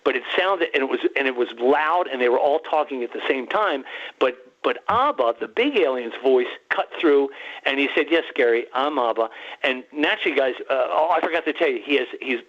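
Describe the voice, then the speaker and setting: A man telling an excited, rambling story on a radio talk show, restarting often and quoting himself and others. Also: medium pitch, a little fast. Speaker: guest researcher. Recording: muffled phone-line call-in.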